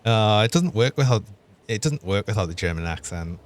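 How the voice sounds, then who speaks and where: A man's voice: lowish voice, expressive, normal speed. A young man, chatting and laughing as he streams a game. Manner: chatty, laughs often, thinks aloud. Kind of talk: live gameplay commentary.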